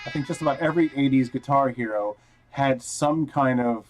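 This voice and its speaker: A man's voice: mid-range voice, moderate pace, rough recording. A man teaching guitar technique in a casual live-streamed lesson, explaining step by step and counting notes aloud while he plays. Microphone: headphones on, wired mic. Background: guitar playing.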